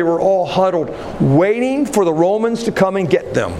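Fervent male preacher, rising to shouts. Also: lively intonation, normal speed, few pauses, a little hiss or hum. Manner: swings from low earnest talk to loud rising exhortation. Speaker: pastor. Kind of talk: sermon.

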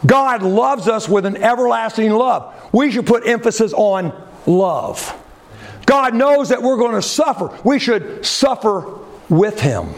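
A man preaching a sermon, emphatic and deliberate, asking rhetorical questions and letting his phrases fall at the end. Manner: drops pitch sharply at the ends of phrases.

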